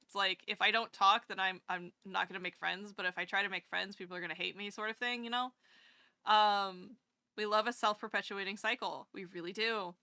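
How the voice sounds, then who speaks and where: A woman's voice: medium pitch, steady tone, a little fast, bright, forceful tone, clear, resonant tone, no room sound, studio quality. A woman VTuber streamer chatting casually with her viewers live, rambling and self-deprecating, gushing over kind messages.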